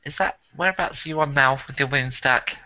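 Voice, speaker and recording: A man's voice: medium pitch, a little fast, pushed and bright, dull audio. A man running a tabletop role-playing game as game master, laughing often and poking fun at himself. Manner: laughs often, self-mocking.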